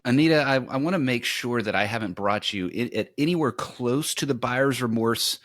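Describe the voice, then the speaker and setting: A man's voice: medium pitch, moderate pace, fairly bright tone, no room sound, clean studio sound. A male podcast host in casual interview chat, who often restarts his sentences and speaks with enthusiasm. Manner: enthusiastic, repeats words when starting sentences.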